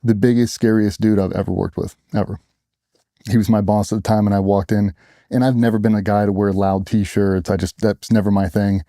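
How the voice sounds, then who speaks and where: Middle-aged male veteran guest, blunt and profane storyteller, deep mellow tone, dry close sound. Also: level tone, fairly quick, no room sound. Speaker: guest, former special operations sailor. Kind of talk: storytelling in a casual interview.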